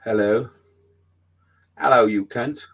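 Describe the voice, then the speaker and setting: A man's voice: mid-range voice, takes it slowly, creaky, a bit bright. A man hosting a casual livestream chat, rambling and swearing freely. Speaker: livestream host.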